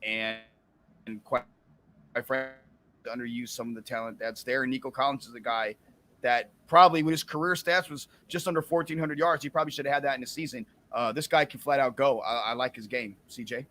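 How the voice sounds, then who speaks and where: A man's voice: medium pitch, fairly even intonation, brisk, pushed and bright. A man hosting a casual sports talk show, telling rambling stories with many restarts and ums. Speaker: host.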